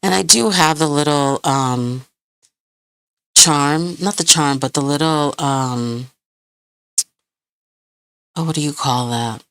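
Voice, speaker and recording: A woman's voice: low voice, takes it slowly, pauses often, a bit bright, smooth, dry recording. A woman hosting a live craft tutorial, chatting with viewers as she works, rambling and hunting for words. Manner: chatty, rambling, hunts for words, laughs often. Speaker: crafting channel host.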